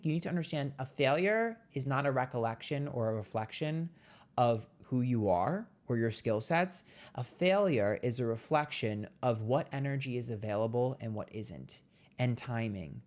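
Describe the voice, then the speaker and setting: A man giving a casual monthly tarot reading, blunt and profane, chatty and playful with sudden jumps in pitch. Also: lively intonation, normal speed. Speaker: tarot reader.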